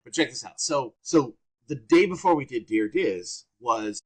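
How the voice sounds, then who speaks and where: A man in a relaxed interview, spinning anecdotes with sudden bursts of energy. His voice sits in a middle register. He talks casually and warmly, in no rush. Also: mid-range voice, unhurried, husky. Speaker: guest trumpeter. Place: works around Orange County, California.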